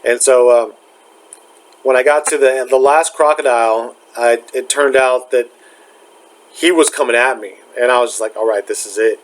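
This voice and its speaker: Recounting a dream, this young spiritual vlogger rambles and halts, full of fillers and restarts. His mid-range voice keeps a fairly even intonation, and the audio quality is poor.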